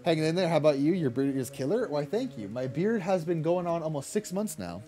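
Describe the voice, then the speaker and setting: Lively Irish man streaming, faint music. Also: on the high side, a little fast. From Ireland. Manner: animated, laughing often, cursing at the game. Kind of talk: casual gaming livestream chat.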